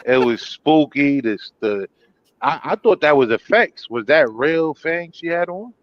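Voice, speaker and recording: A man's voice: on the high side, lively intonation, a little slow. Enthusiastic man co-host, dull sound. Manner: enthusiastic, repeats praise. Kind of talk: casual chat.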